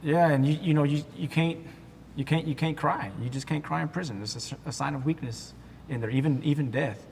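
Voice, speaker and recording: A man's voice: gravelly, a little mellow. Man telling his story in a reverberant hall. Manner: halting, with many restarts, acting out the voices of people in his story. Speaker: guest sharing his testimony. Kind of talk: emotional personal storytelling in an interview. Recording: long hall reverb with faint rumble.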